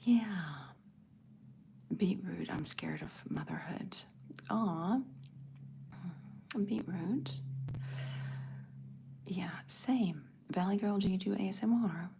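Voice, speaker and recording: A middle-aged woman hosting an ASMR livestream, answering chat in a soft breathy whisper. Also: medium pitch, takes it slowly, pauses often, a little hiss or hum.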